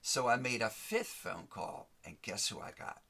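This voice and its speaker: A man's voice: medium pitch, huge pitch swings, moderate pace, vocal fry, bright, forceful tone, a little hiss or hum. A man hosting a motivational talk, speaking emphatically to the listener, repeating and rhyming his key phrases. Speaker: host of a motivational show.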